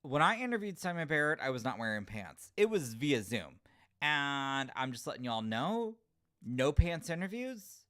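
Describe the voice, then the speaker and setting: A man hosting a casual livestream, answering chat comments in an animated, giggly way. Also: medium pitch, moderate pace. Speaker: livestream host reading chat.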